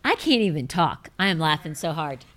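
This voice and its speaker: A middle-aged woman hosting a show, telling rambling, self-mocking stories in a bubbly, casual chat and breaking into high laughing fits. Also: very animated, normal speed, fairly bright tone. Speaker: host.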